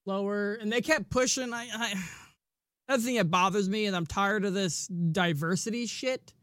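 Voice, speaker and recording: A man's voice: high voice, moderate pace, a bit bright, dry recording, clean studio sound. A man co-hosting a racing podcast in casual chat, blunt and rambling, swearing freely. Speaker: podcast co-host.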